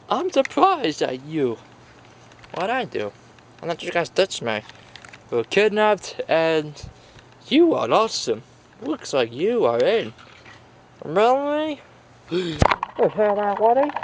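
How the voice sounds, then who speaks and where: A man plays out a toy adventure, speaking slowly in a high, bouncy voice. He keeps switching between goofy high and low character voices, with faint noise behind him. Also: huge pitch swings. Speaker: toy video maker voicing all characters.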